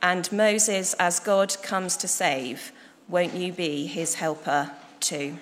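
A woman's voice: fairly low pitch, steady tone, slow. A woman voicing God, who speaks from a burning bush in a worship story, solemn and repetitive, in an echoey hall with faint noise. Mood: pleading.

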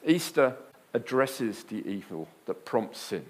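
A man preaching a sermon, emphatic, swinging from loud bursts to quiet and repeating phrases for weight. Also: mid-range voice, sing-song, a little slow.

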